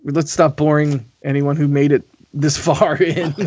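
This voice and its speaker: A man's voice: fairly high pitch, level tone, slow pace, darkish tone, no echo, lo-fi sound. Chatty, laughing American man hosting a podcast. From United States. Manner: chatty, laughing, rambling with restarts. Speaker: podcast host. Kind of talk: casual chat.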